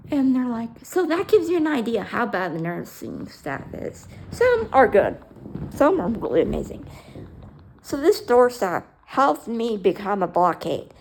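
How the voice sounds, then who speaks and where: A woman telling an emotional personal story bluntly, swearing and acting out the dialogue with sudden loud outbursts. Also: on the high side, sing-song, unhurried, slight background noise. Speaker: storyteller sharing her life.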